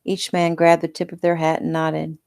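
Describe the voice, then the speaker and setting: A woman reading her own novel aloud in a relaxed, unpolished, casual way. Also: low voice, moderate pace, creaky, smooth. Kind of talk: casual audiobook narration.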